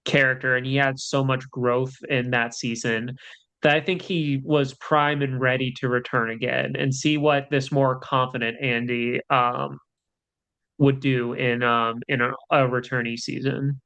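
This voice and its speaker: A man's voice: medium pitch, level tone, unhurried, fairly bright tone, clean tone. A man co-hosting a podcast in casual chat, rambling with lots of fillers. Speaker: podcast co-host.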